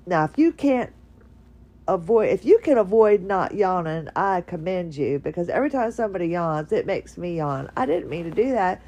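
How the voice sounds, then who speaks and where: A tired woman talks from her bedroom in a rambling, halting monologue full of restarts. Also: on the low side, lively intonation, dark tone. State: tired, drowsy. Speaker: podcaster. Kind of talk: casual personal monologue.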